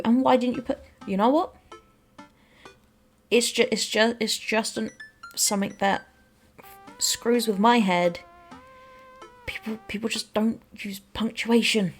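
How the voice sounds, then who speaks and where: A woman's voice: mid-range voice, a little slow, pauses often, faint music behind. A woman giving rambling, self-deprecating casual commentary while playing a game. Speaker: let's play host.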